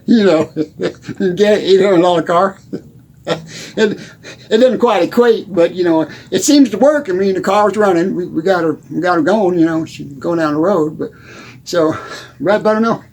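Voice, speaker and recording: A man's voice: high-pitched, a little mellow. A man playing a rambling, forgetful country musician with a Texan accent, who keeps laughing and losing his train of thought. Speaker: comedy character host. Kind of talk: improvised comedy monologue.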